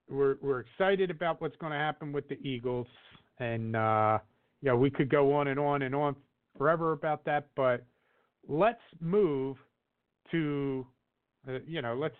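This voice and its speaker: A man co-hosting a casual sports talk show, rambling with lots of fillers and restarts. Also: medium pitch. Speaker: podcast co-host. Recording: tinny phone-like audio.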